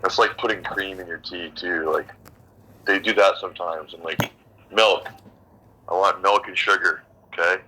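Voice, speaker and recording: A man's voice: low voice, steady tone, moderate pace, long pauses, bright, forceful tone, a little hiss or hum, low-quality recording. A man from Canada chatting casually while gaming, rambling through stories and swearing freely. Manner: swears a lot, rambling storytelling. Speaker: mobile game player.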